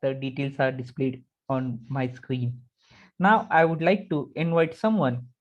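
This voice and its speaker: A man introducing a guest speaker in a formal, announcing way. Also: on the high side. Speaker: event host introducing the speaker. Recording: muffled lo-fi audio.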